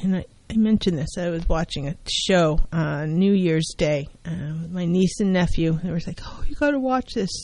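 A woman's voice: lowish voice, normal speed, few pauses, darkish tone, no echo, rough recording. A woman therapist giving an earnest self-help talk on mental health, driving her points home by repeating key phrases.

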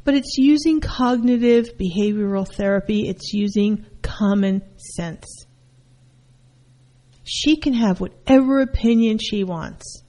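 A middle-aged woman giving an informal lesson on counseling, telling personal stories in a lively way. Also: medium pitch, unhurried. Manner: animated, acts out her mother's voice. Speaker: counselor teaching a class.

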